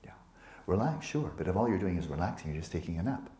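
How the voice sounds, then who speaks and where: Deep-voiced man giving a relaxed dharma talk. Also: quick pace, a little hiss or hum. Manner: relaxed, playful, often dropping to a soft whisper; teases students by name. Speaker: meditation teacher. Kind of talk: dharma talk to a retreat group. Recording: echoey room with faint ambience.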